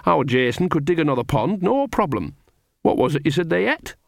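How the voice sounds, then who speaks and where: Man doing a cheerful old witch, nosy and chatty, pitched up high, dry close read. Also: very animated, a little fast, gravelly, no echo.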